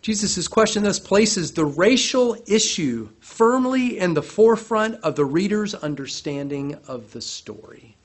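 A man preaching a sermon, animated and lively, briefly acting out the voices of the people he quotes. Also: high voice, unhurried, few pauses. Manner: animated, acts out quoted voices, repeats words. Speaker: pastor.

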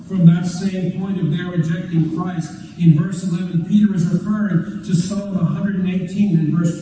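A man's voice: high-pitched, mellow, a little hiss or hum. A man preaching an earnest expository sermon as a pastor, stressing key phrases through repetition. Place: church sanctuary. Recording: echoey church hall, mic at a distance.

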